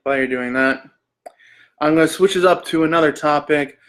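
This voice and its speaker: A man's voice: a little high, brisk, a bit bright. Chatty Canadian man on a livestream. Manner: reads questions aloud then jokes back. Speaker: livestream host. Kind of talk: casual live-stream chat.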